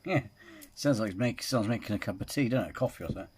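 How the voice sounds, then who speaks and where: A man's voice: lowish voice, quick pace, heavy background noise. A man hosting a reaction video, rambling casually, repeating filler phrases and swearing freely. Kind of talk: casual chat.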